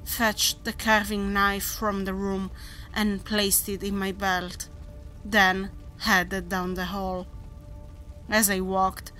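A woman narrating a first-person horror story in a measured, deliberate way. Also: medium pitch, pushed and bright, low-quality recording.

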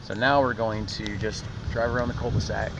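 Man in a car, low voice, far from a muffled phone mic under roaring wind. Casual, rambling tour narration. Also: little pitch movement, brisk. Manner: rambling, pointing things out, giving directions. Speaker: vlogger showing his land. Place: inside a moving car. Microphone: handheld phone camera. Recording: distant muffled voice under loud wind and road noise.

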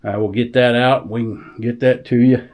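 A man's voice: mid-range voice, fairly even intonation, normal speed, a little mellow. Easygoing man vlogging outdoors. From American South. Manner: easygoing, folksy, talks to animals. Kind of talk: casual vlog narration. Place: outdoors on a rural property.

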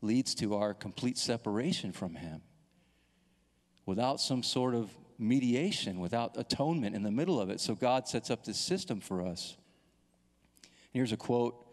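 This thirty-something pastor has a lowish voice and talks at normal speed. Recounting a personal story in a sermon, he brings it to life by voicing each person in the dialogue, his words echoing with the long reverb of a church hall.

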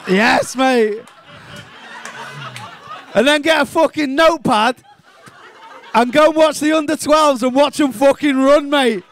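A Liverpool man in his twenties doing a stand-up set, swearing freely and mocking people with quick put-on voices. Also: extremely high pitch, fairly bright tone, a little hiss or hum. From England. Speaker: stand-up comedian. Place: comedy club stage.

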